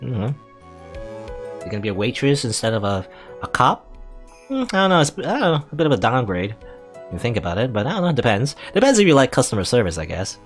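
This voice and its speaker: A man's voice: mid-range voice, very animated, fast talker, faint music behind. A young man casually commenting while playing a story game, rambling and hesitant, often trailing off with "I don't know.". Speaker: let's play host.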